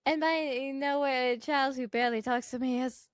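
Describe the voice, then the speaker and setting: A teenage girl of almost fourteen co-hosting a podcast, chatting in a playful, excitable, jokey way. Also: high voice, normal speed, clean tone, no room sound, clean studio sound. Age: teens. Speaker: podcast co-host. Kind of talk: casual chat.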